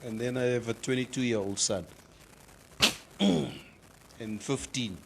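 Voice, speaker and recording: A man's voice: medium pitch, steady tone, unhurried, a little hiss or hum. A man in his forties with a Namibian English accent co-hosting a casual radio show, playful and mixing in Afrikaans.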